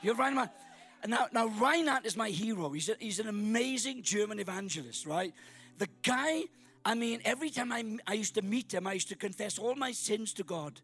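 A middle-aged Welsh man from Wales preaching as a guest speaker at a church service, joking and bursting into shouts. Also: sits high, animated, normal speed. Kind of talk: sermon.

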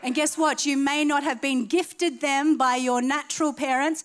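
A middle-aged woman with an Australian accent delivers a sermon. Her voice sits high and she preaches emphatically, pushing her key points upward with animated energy. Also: normal speed, hardly any pauses. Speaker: pastor.

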